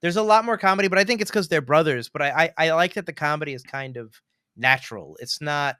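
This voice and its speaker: Bright-voiced man chatting about a film. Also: a little high, clear, resonant tone, no room sound, clean studio sound. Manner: animated, acts out movie lines in quick impressions. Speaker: podcast co-host. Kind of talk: casual film review chat.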